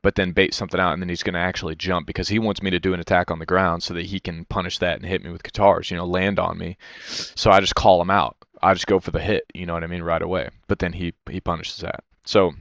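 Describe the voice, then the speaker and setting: A man's voice: low-pitched, little pitch movement, fast talker, a bit bright, dry recording, muffled recording. A man reviewing a replay of his own match in casual, rambling commentary, critical of himself and swearing often, talking into a headset. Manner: rambling, self-critical, swears a lot, fillers "you know".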